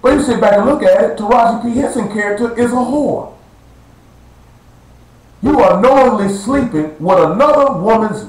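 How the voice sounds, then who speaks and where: A man preaching a blunt, slangy sermon to a small live-streamed gathering, stretching out words for emphasis. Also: high voice. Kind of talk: street-style sermon. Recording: echoey live stream room.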